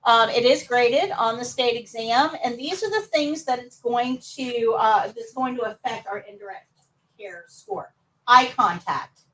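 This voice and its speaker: A woman's voice: fairly high pitch, measured pace, fairly bright tone, recorded from a distance, rough recording. A woman teaching nursing assistant students in a live class, upbeat and coaxing answers from them.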